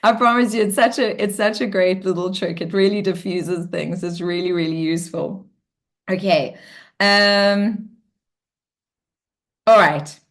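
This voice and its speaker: A woman's voice: mid-range voice, unhurried, long pauses. A woman hosting a live online coaching session in an upbeat, bubbly way, acting out cheerful affirmations as she talks. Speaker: workshop host.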